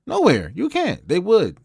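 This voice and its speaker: A man's voice: high voice, wildly swooping pitch, measured pace, vocal fry, a little mellow. A man giving blunt, slangy, sarcastic commentary while reacting to a video.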